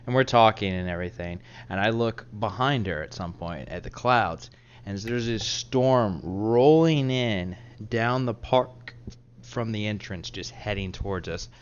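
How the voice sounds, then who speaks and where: A man on a casual podcast spins a long, crude anecdote, laughing at his own expense and swearing freely. His voice is smooth and resonant. The recording sounds a bit dull and lo-fi. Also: on the low side, measured pace. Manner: laughing storyteller, crude humor. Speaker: podcast co-host. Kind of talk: casual chat.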